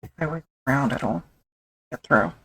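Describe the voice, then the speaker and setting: A woman's voice: extremely low pitch, moderate pace, fairly bright tone, breathy edge, rough recording. A woman leatherworker talking her way through stitching a sheath in a casual, wry running commentary, often muttering to herself as she works. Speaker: leatherworker streaming her craft.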